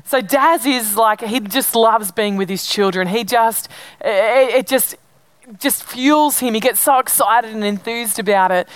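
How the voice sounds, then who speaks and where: A middle-aged woman preaches and tells a family story in a relaxed, conversational way. Her voice sits a little higher than most. The sound is dry and close, with no room echo. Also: unhurried. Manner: chatty storytelling with fillers and restarts. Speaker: pastor. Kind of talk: sermon.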